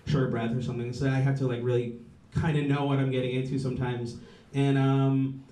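A man's voice: medium pitch, level tone, brisk, warm tone. A man in his thirties doing stand-up, rambling and profane, often trailing off and restarting, mocking himself. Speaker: stand-up comedian. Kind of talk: stand-up set. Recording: roomy, mic heard from a distance.

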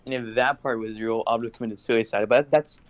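A man's voice: medium pitch, fairly even intonation, brisk, noisy background. A young man co-hosting a casual podcast, telling a story in a rambling, hesitant way and losing the thread. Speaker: podcast co-host.

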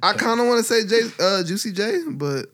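A man co-hosting a podcast, chatting casually in a relaxed, matter-of-fact way. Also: high voice, brisk. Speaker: podcast co-host. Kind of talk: casual chat.

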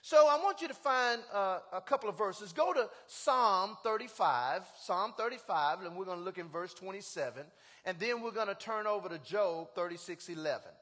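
A man preaching a sermon as pastor, calling on the congregation to answer back and building up to shouts. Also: high-pitched, animated, moderate pace, in a large hall. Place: church sanctuary.

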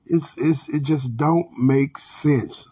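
Husky-voiced man ranting bluntly. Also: on the high side, slow. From United States. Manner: blunt, profane, addresses listeners as family. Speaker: podcast host. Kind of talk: angry ranting commentary.

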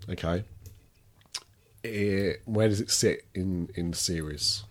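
A man's voice: low-pitched, slow. A man, a parent casually questioning his child about a book, playful and teasing. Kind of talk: casual chat.

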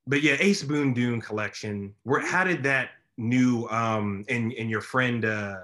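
A man from Maryland hosting a casual interview, animated and rambling, often laughing. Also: medium pitch, a little slow. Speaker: podcast host.

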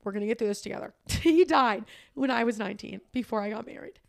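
A woman's voice: fairly high pitch, fast, creaky. A young woman in her twenties hosting a solo podcast, candid and tearful, swearing freely and speaking with emphasis. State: crying at times. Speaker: podcast host. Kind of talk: personal, emotional solo podcast talk.

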